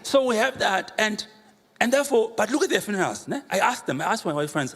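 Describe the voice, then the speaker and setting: A man, a pastor preaching a sermon with humorous, animated storytelling and rhetorical questions. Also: high voice, a little fast, husky. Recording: reverberant hall, faint room noise.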